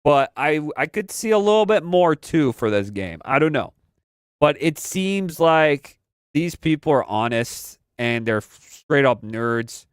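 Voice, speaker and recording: Rambling young man streaming, smooth voice. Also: fairly high pitch, big pitch swings, unhurried, dry recording, studio quality. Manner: rambling, repeats phrases, slangy. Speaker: live-stream host. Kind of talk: casual pop-culture commentary.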